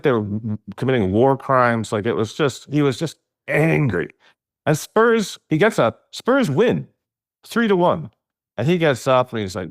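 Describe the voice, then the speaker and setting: In a dry studio recording, a middle-aged man with a medium-pitched voice speaks at a measured pace. He spins stories casually and animatedly, laughing often and raising his voice for emphasis.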